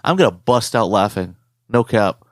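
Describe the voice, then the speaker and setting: A podcast co-host chats casually in a fairly low voice at a moderate pace, swearing freely and doing movie voices as he tells stories. The recording is dry with a clean studio sound.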